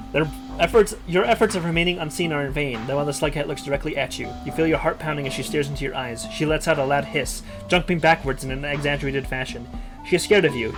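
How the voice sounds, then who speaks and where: A man streaming, reading a text adventure aloud and reacting live, laughing often and swearing in surprise. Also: fairly high pitch.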